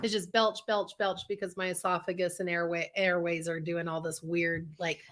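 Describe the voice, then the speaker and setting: A woman's voice: on the low side, level tone, moderate pace, a bit bright, a little hiss or hum. A woman co-hosting a live online self-help show, talking in an upbeat, earnest, encouraging way over a video call. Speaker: co-host, empath coach.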